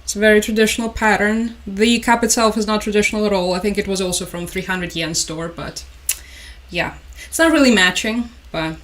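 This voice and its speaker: A woman's voice: medium pitch, fairly quick, fairly bright tone. Chatty Ukrainian woman hosting a livestream. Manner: chatty, dry sarcastic humor, laughs often. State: stressed and tired. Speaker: livestream host. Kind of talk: casual livestream chat about the news. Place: home room with a collection on the wall.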